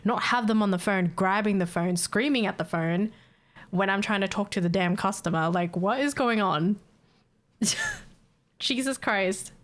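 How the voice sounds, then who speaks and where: A young woman streams and talks straight to her viewers, blunt and foul-mouthed as she rants. Her voice sits at an ordinary middle pitch, and she speaks in loose, casual chat. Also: unhurried. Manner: blunt, swears freely, ranting and laughing. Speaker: livestreamer.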